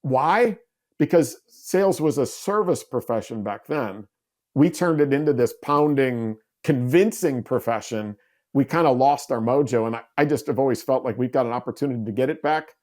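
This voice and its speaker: A man in his forties, a podcast guest, telling stories in an animated way and acting out quoted dialogue. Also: mid-range voice, normal speed. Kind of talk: storytelling interview talk.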